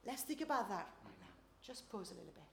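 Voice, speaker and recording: A woman preaching and then leading a group in prayer, earnest and unhurried, sometimes dropping to a soft prayerful voice. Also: mid-range voice, huge pitch swings, creaky, very noisy. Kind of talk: sermon and guided prayer. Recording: echoey room with faint ambience.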